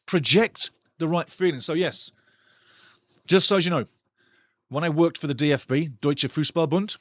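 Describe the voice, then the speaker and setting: A talkative man hosts a live football watchalong from a home setup, greeting viewers by name and giving his blunt takes on the game. His voice sits a little high for a man, and he tends to repeat his lines for emphasis. The desk mic sounds close and dry, with no room echo. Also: normal speed. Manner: chatty, reads viewer comments aloud, repeats himself; outspoken and blunt. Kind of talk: live stream chat and football talk. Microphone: desk microphone.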